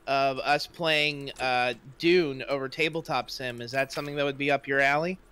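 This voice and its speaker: A man's voice: mid-range voice, steady tone, normal speed, bright, forceful tone, smooth. A man chatting casually and teasingly with friends during a game stream. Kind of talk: casual gaming chat. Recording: faint background hiss.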